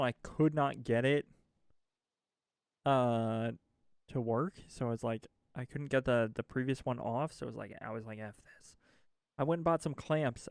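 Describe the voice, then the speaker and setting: A man's voice: medium pitch, clear, resonant tone, no echo, clean studio sound. A man chatting casually on a game stream, rambling and swapping his swears for mild stand-ins. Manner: rambling, self-censors swears with mild substitutes.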